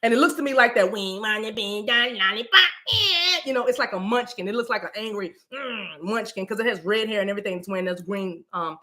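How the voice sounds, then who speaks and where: A woman's voice: mid-range voice, fast talker, few pauses. A middle-aged woman giving a live-streamed spiritual reading, rambling and colloquial, often saying y'all and "you know what I mean". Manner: animated, breaks into voices and asides. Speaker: psychic reader.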